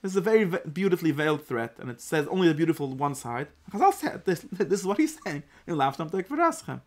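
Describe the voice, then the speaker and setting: A man teaching an informal Torah class, lively and acting out the verses. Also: fairly high pitch, a little fast. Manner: animated, acts out the verse in God's voice.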